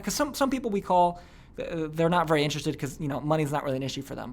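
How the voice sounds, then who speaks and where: A man's voice: a little high, quick pace. A young man coaching sales in a casual online course, chatty, with repeated words and frequent "okay" and "like". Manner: chatty, repeats words, many okays and likes.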